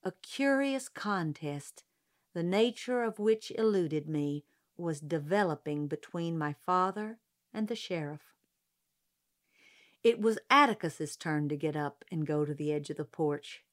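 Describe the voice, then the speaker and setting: A woman narrating a novel as an audiobook, in a measured, even manner. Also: sits low.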